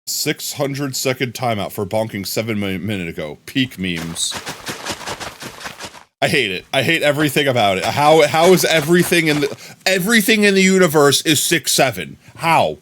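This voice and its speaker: A male streamer chatting with his viewers, rambling and joking, his pitch swinging widely from high bursts down to low mutters. Game sounds and gunfire keep up clearly behind him. He often trails off mid-thought. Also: sing-song, normal speed, a bit bright, a little hiss or hum. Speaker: livestreamer. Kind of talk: casual live-stream chat with viewers.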